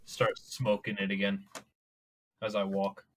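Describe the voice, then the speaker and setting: A man's voice: fairly low pitch, completely flat delivery, unhurried, a bit bright, slight background noise. A young man playing a tabletop game in a laid-back, blunt way, swearing casually. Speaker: player.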